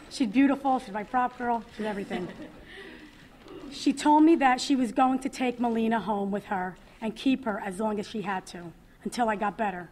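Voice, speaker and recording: A woman in her thirties reads her own testimony aloud as a mother at a public event, speaking earnestly and with feeling, often pausing. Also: medium pitch, darkish tone. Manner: emotional, earnest, with pauses. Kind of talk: reading a personal testimony aloud.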